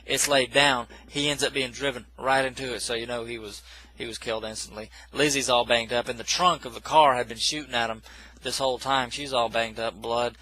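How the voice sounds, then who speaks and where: A man's voice: medium pitch, steady tone, brisk, few pauses, sharp tone, poor audio. A man casually recapping a film plot in a rambling, self-correcting way, with dismissive asides. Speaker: movie reviewer.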